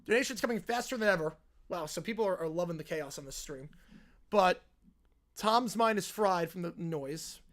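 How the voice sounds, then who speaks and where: A man's voice: high voice, animated, moderate pace, fairly bright tone. A man hosting a live stream who chats and reads a story aloud, often laughing at it. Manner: chatty, laughs at what he reads.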